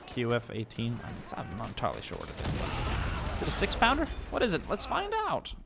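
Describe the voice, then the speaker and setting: A man's voice: medium pitch, huge pitch swings, quick pace, creaky, heavy background noise. A young man giving joking, rambling commentary over a war game. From Sweden. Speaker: gameplay commentator. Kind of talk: gameplay commentary. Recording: game battle sounds loud behind. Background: gunfire and artillery from the game.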